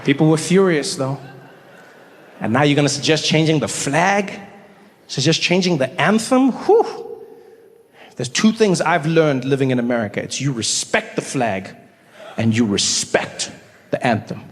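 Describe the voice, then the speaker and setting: A man's voice: on the high side, normal speed, big-room sound, slight background noise. A man doing stand-up comedy, telling stories animatedly and asking rhetorical questions. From South Africa. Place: comedy stage before a live audience.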